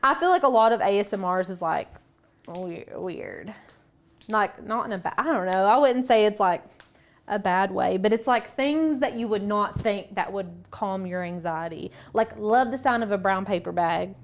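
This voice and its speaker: A woman's voice: mid-range voice, moderate pace. A woman co-hosting a crafting livestream, chatting casually and laughing a lot while she works. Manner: giggly, chatty, lots of "like".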